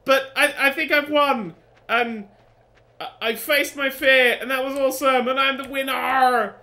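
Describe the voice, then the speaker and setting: A man's voice: very high-pitched, steady tone, measured pace, pushed and bright. A man giving jumpy, self-talking commentary while playing a game, swearing often. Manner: jumpy, swearing, talks to himself. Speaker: gaming channel host. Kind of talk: let's play commentary.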